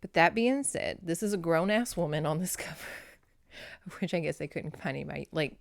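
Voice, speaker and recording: A woman with a Louisiana Southern accent, hosting her book review channel in a rambling, excitable, chatty monologue, often laughing and talking straight to viewers. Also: sits low, brisk, vocal fry, no room sound, studio quality. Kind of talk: casual chatty monologue to camera.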